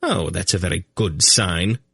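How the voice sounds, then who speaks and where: A man voicing a calm, commanding sorceress who speaks crisply and with motherly authority, in an audiobook reading. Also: low voice, no room sound, clean studio sound, heavily acted. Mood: dry, firm. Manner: crisp, brisk, gently condescending. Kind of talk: audiobook character voice.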